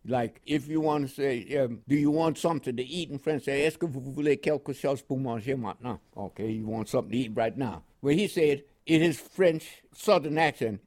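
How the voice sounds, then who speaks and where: A man's voice: medium pitch, fairly quick, few pauses, a little mellow. An older American man reminisces in a radio interview. He rambles and circles back, leaning on fillers and restarts as the stories unfold. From United States. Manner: rambling storytelling with frequent fillers. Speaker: guest.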